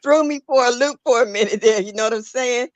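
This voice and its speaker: A woman's voice: on the high side, a little fast, no echo. An older woman, a grandmother, telling an earnest story in a casual live audio chat, restarting her sentences now and then. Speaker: caller in a live audio discussion.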